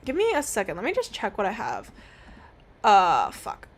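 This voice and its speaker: A woman's voice: medium pitch, huge pitch swings, moderate pace. A young woman streaming a game, talking in a casual, rambling, self-mocking way with some swearing. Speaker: gaming streamer. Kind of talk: casual let's-play commentary.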